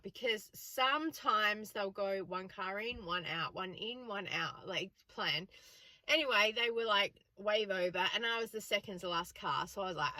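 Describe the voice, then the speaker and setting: A woman's voice: mid-range voice, moderate pace, pushed and bright, dry recording. An Australian woman in her forties, a chatty vlogger telling stories and laughing often. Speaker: frugal living vlogger. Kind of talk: casual vlog chat.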